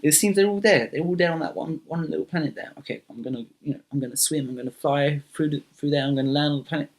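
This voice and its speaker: A man's voice: fairly high pitch, fast talker, pitched above the performer's own voice, natural voice. A man voicing a friendly, curious male dragon made of pure light, who talks in a casual, slangy way in a spoken creation story. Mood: searching. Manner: casual, chatty, slangy, exclaiming.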